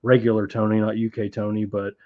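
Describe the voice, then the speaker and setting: A man's voice: fairly low pitch, little pitch movement, fast. A man hosting a casual film chat. He rambles with lots of fillers and laughs as he goes. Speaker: film club podcast host. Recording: dull lo-fi sound.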